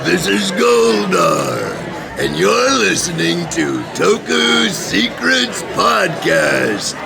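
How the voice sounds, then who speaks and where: A man voicing Goldar, a gold-armored male monster villain, in a slow, booming growl for a podcast intro. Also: huge pitch swings, exaggerated voice. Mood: gloating. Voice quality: gravelly, drawn-out growl. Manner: booming slow announcer delivery. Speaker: podcast host. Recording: echoey convention hall with crowd.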